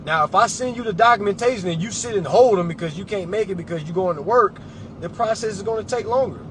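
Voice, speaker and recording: A man's voice: sits high, fast, a little hiss or hum. A man in a casual talk to camera, advising clients in an emphatic, preachy way, calling listeners y'all and family. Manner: colloquial, addresses audience as y'all and family.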